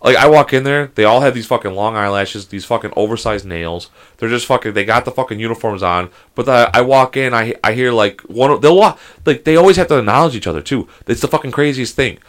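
Fast, bright-voiced profane man chatting. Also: medium pitch. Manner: profane, animated storytelling with mocking impressions. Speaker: podcast co-host. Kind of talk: casual chat.

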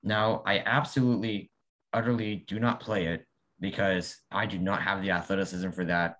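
A man's voice: sits low, normal speed. A young man in his late teens, a young author, chatting casually in an interview and animatedly acting out the people he quotes. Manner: animated, acts out quoted people, laughs often.

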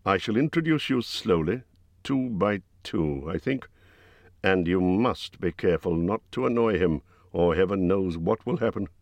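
A man's voice: sits low, lively intonation, normal speed, darkish tone, no echo. A man voicing an old male wizard who is stern, testy and lecturing.

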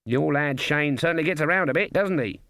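A man's voice: fairly high pitch, brisk, fairly bright tone, smooth, no room sound, pitched above the performer's own voice. A man voicing a stern, suspicious old witch woman who speaks curtly. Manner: stern, curt.

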